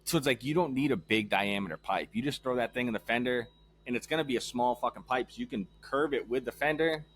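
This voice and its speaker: A man's voice: medium pitch, fast, a bit bright, slight background noise. A man co-hosting a podcast in casual chat, laid back, with frequent ums and casual swearing.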